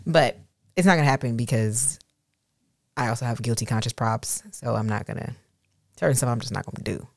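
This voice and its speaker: A woman's voice: rumbling low, brisk, vocal fry, long pauses, no echo, studio quality. A woman co-hosting a podcast with her husband, talking candidly and acting out quoted dialogue. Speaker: podcast co-host. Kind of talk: casual podcast chat.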